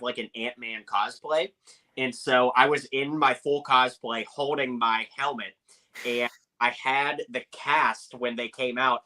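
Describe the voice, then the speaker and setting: A young man telling animated anecdotes as a podcast guest, with lots of filler words. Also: mid-range voice, low-quality recording. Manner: animated storyteller, many "like" fillers.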